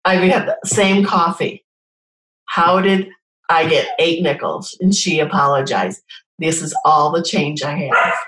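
Low-voiced woman in an echoey room. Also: a little slow, fairly bright tone. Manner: earnest storytelling, acts out quoted dialogue. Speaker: guest sharing personal stories. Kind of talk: casual conversation.

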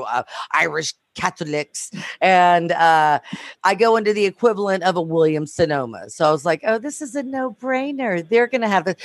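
A woman from Louisiana, chatting casually and telling a story with lively, laughing energy. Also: on the low side, no room sound. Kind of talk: casual chat.

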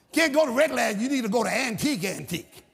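Fervent man preaching, husky. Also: very high voice. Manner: fervent, shouting, repetitive. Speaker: pastor. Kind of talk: sermon. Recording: reverberant church hall with music.

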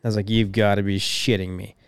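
A man's voice: on the low side, level tone, quick pace, smooth, dry recording, clean studio sound. A young man co-hosting a podcast, telling stories in a laid-back way, swearing freely and laughing often. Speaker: podcast co-host and race promoter. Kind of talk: casual chat.

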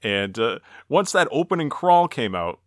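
A man's voice: mid-range voice, big pitch swings, unhurried, no echo, clean studio sound. A man co-hosting a podcast, telling a story in casual chat and chuckling as he goes. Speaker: podcast co-host.

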